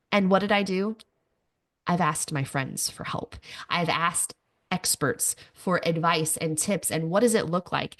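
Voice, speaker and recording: A woman in her thirties hosting a podcast, telling personal stories candidly with self-mocking asides. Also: mid-range voice. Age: 30s. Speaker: podcast host. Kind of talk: personal monologue.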